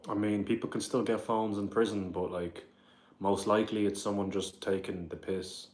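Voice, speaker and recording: A man with a very low voice and a Dublin Irish accent talks loosely to his live chat from home. He rambles, leaning on "like" and "bro" as he reacts to comments. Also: steady tone, normal speed, a little mellow. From Ireland. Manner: rambling, says "like" and "bro" often. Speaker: livestreamer. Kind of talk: casual livestream chat, reading comments aloud. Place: his apartment.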